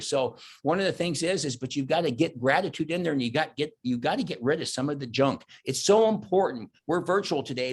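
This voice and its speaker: A man's voice: fairly high pitch, slightly rough. A middle-aged man giving a motivational keynote, telling stories and acting out his own thoughts and quotes. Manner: animated storyteller, voices his own inner thoughts and quotes. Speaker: keynote speaker. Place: virtual conference talk.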